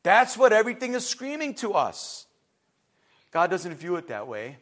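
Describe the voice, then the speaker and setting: Impassioned high-voiced male preacher. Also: very animated, normal speed. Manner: impassioned, builds to shouting. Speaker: pastor. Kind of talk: sermon.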